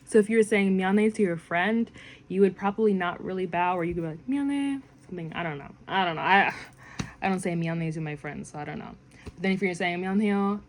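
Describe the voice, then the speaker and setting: Chatty young woman teaching phrases. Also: lowish voice. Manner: chatty, rambling, filler-heavy, animated when quoting phrases. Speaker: language learning vlogger. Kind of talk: casual language lesson.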